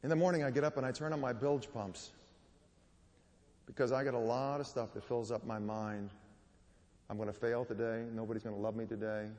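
A man's voice: medium pitch, steady tone, fairly quick, long pauses, a little mellow. Guest preacher, man, sermon storytelling with strong emphasis, reverberant church hall.

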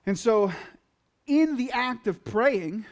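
A man with a fairly high voice preaches a sermon in an easy, talky way. He keeps it lively by acting out the listeners' reactions and quoted lines as he goes. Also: slow pace. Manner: conversational, animated, acts out quotes in asides. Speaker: pastor.

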